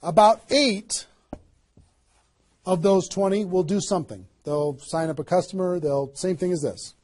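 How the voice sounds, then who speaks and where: Man, high voice, husky, energetic motivational trainer, emphatic, rhetorical questions. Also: a little slow. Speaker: network marketing trainer. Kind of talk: motivational seminar talk.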